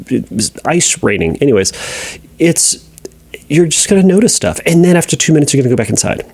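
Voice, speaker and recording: A man hosting a podcast, answering a listener's question in a casual, animated monologue, often acting out an inner voice. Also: medium pitch. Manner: animated, talks through examples in acted inner voices, restarts often.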